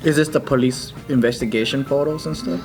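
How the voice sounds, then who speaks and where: A commentator chatting on a news panel in an expressive way, often laughing. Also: mid-range voice, brisk, faint music behind. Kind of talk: casual panel chat.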